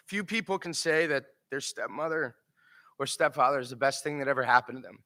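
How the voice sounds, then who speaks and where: A man's voice: mid-range voice, moderate pace, pushed and bright. A man giving an emotional eulogy for his father at a memorial service, telling funny stories and laughing through them.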